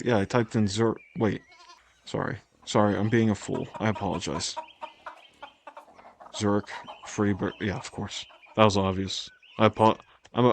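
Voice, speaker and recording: A man's voice: on the low side, slight background noise. Rambling self-mocking streamer guy. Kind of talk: casual let's-play commentary.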